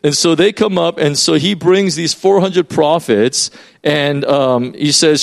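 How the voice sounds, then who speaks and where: A man's voice: a little high, a little slow, gravelly. A man preaching a sermon in a loose, conversational way, explaining as he goes with many fillers and restarts.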